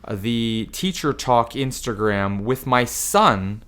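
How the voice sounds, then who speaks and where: A man's voice: mid-range voice, animated, takes it slowly, a bit bright, clear, resonant tone. A man guesting on a podcast, chatting cheerfully and joking about himself. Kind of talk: casual chat.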